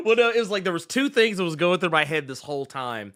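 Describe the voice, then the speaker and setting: A man's voice: high-pitched, big pitch swings, a little fast, a bit bright. A man co-hosting a casual podcast, laughing often and speaking in loose slang. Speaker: podcast co-host.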